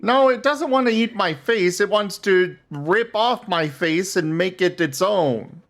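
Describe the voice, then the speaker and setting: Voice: medium pitch, lively intonation, measured pace. A streamer chatting and joking with friends while playing a strategy game. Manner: joking, reactive. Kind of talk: casual gaming chat.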